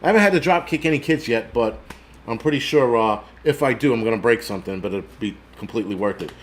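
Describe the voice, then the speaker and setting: A man in his forties hosts a casual livestream, speaking fast in a medium-pitched voice with lively intonation. He rants bluntly and profanely while reading out viewer comments.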